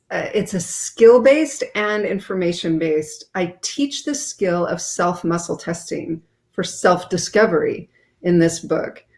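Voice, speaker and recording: Guest author, female, lower register, earnest explainer. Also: darkish tone. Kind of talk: interview explanation.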